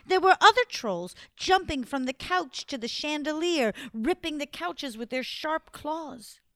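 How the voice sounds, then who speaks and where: A woman storyteller telling a fairy tale to listeners, playful and dramatic with pauses for effect. Her voice is high and swings widely in pitch. The sound is dry and close. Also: lively intonation, bright, forceful tone, no echo. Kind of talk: animated storytelling to an audience.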